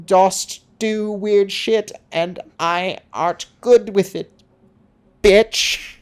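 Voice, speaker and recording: A man putting on a pompous male scholar mage who speaks in archaic words, drawing each word out in a high, mock-grand voice. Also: steady tone, smooth. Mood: smug. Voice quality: slow, drawn-out, high mock-grand delivery. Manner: mocking impression with old-fashioned speech.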